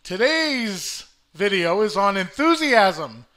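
An older man hosting a casual motivational video to camera, full of fillers and repeated words, swinging between peppy and deliberately flat. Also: high voice. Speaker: self-help video host.

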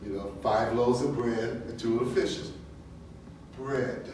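A man teaching an informal Bible study class, talking casually and getting animated and high-pitched when worked up. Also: moderate pace, slight background noise. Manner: animated, laughing storyteller, rises high when excited. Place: classroom or meeting room. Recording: echoey room from far off.

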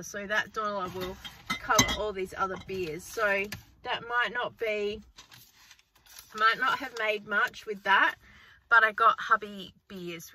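A woman in her forties rambles cheerfully to her vlog viewers while sitting in her car, filming on a handheld phone. Her voice is very bright and sharp, and the sound is dry and close. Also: mid-range voice, dry recording. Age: 40s. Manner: chatty, rambling, upbeat. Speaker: frugal-living vlogger. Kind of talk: casual chatty vlog. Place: inside a car.

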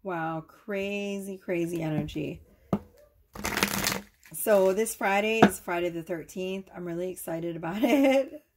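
A woman giving a casual tarot reading to camera, gushing and excitable, swearing freely as she talks. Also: fairly low pitch, unhurried, heavy background noise. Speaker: tarot reader.

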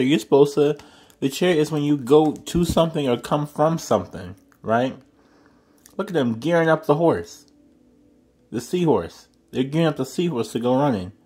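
A man reads tarot cards for his viewers in a loose, chatty way. He exclaims often and lets out sudden high-pitched squeals between calmer stretches. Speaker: tarot reader. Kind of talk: casual tarot reading to viewers.

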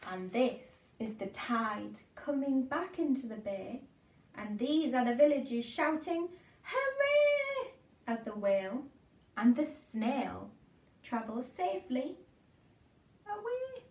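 A woman with a high voice reads a rhyming picture book to small children, slowly and in a sing-song way, swooping up and down. She adds playful asides, and the sound is echoey, coming from a little way off the microphone. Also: sing-song, darkish tone, distant mic. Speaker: children's storyteller. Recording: echoey room, away from mic.

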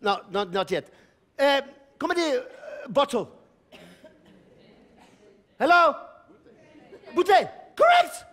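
A man doing manic stand-up on stage, shouting, stammering and cackling as he mixes broken French into his English. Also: extremely high pitch, sing-song, slow, long pauses. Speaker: stand-up comedian. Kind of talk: manic clowning stage comedy. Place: theater stage before a live audience. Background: audience laughter.

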